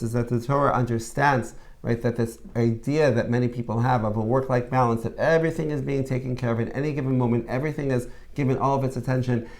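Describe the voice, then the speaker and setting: A man hosting a conversational discussion, earnest and summing up points, with frequent restarts and filler phrases. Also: medium pitch. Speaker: host.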